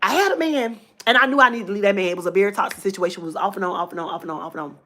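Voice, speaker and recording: A woman hosting her own livestream, telling a personal story in a lively, casual way, repeating phrases for emphasis. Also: medium pitch, racing. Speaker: livestream host.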